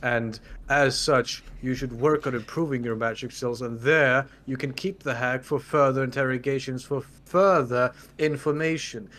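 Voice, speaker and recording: A man voicing an authoritative adventurer who makes formal, deliberate speeches. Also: mid-range voice, steady tone, fairly bright tone, natural voice.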